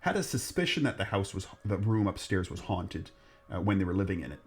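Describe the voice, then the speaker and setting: A man's voice: deep voice, big pitch swings, a little fast, slightly rough. A man hosting a podcast, telling a ghost story in a rambling, jokey way. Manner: rambling, jokey, restarts often. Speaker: podcast host. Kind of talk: casual storytelling chat.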